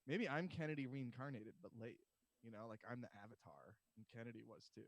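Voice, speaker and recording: A man's voice: mid-range voice, a little fast, dry recording. A young man from Massachusetts co-hosting a comedy podcast, rambling and self-deprecating in casual chat. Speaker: podcast co-host.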